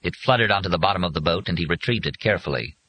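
A man reading an audiobook in a husky voice with dramatic, expressive scripted narration. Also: sits low, rapid-fire, slight background noise, rough recording.

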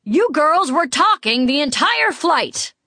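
A woman's voice: high-pitched, sing-song, takes it slowly, bright, forceful tone, no room sound, studio quality, pitched above the performer's own voice, exaggerated voice. A woman voicing a rude, rich, middle-aged businessman who scolds indignantly. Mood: scolding.

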